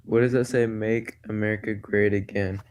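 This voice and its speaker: Hesitant low-voiced young man. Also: little pitch movement, normal speed, a little mellow. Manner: hesitant, agreeable, with fillers. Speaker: video chat stranger. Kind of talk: casual conversation.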